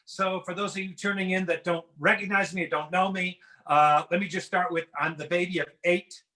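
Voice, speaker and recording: A middle-aged man performs a stand-up set from his home, talking to the audience over a video call. His voice sits high and sounds bright and forward. He tells his jokes in a loose, chatty, self-deprecating way. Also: fairly even intonation, normal speed. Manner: conversational, self-deprecating joke delivery. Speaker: stand-up comedian. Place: home in a house.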